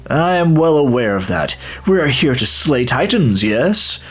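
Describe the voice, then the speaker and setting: A man's voice: medium pitch, sing-song, unhurried, breathy edge, pitched above the performer's own voice. Zealous warrior creature, grandiose and eager for battle, a man putting on the voice.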